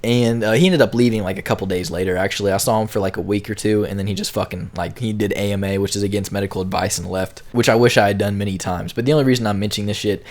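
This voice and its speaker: Fast-talking young man, low voice. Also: steady tone, darkish tone. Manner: rambling, profane, slangy. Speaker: storyteller vlogger. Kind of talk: casual storytime.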